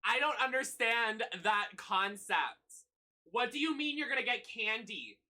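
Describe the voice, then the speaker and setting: A man giving live commentary on a video game, excitable and profane, shrieking when thrilled. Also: very high-pitched, measured pace. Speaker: streamer. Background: faint game music.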